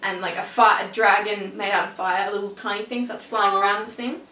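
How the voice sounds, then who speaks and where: Young woman, excitable rambling reviewer; bright tone, roomy distant sound. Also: medium pitch, a little fast, slight background noise. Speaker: reviewer retelling an episode. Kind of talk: casual chat. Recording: echoey room, a bit far from the mic.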